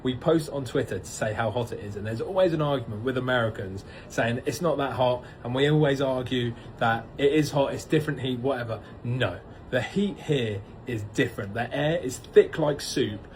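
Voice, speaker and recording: A man's voice: mid-range voice, moderate pace, a little mellow, slight background noise, rough recording. A man from England, chatting to camera in an exasperated, casual way. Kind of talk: casual travel vlog.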